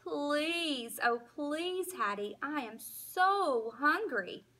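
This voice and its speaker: A woman's voice: sits high, big pitch swings, measured pace, sharp tone, breathy edge, pitched above the performer's own voice, full character voice. A woman voicing an eager, dramatic young male dog who pleads and whines theatrically. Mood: pleading.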